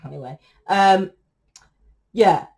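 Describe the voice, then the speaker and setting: A woman's voice: mid-range voice, takes it slowly, gravelly, a little mellow. A woman giving a casual tarot reading, blunt and lecturing, swearing freely as she talks to her viewers. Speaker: tarot reader.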